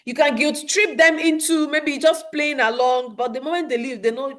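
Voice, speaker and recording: A young adult woman leads a live webinar for parents. She speaks in an earnest coaching manner, with a fairly high voice, and often laughs between points. She slips into calm, soothing tones when she acts out what to say to a child. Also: normal speed, hardly any pauses.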